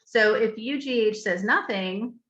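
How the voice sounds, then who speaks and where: A woman's voice: on the high side, unhurried, fairly bright tone, lo-fi sound. A woman leading a literacy training session for teachers, explaining spelling patterns and spelling out letters with frequent check-ins. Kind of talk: professional development talk.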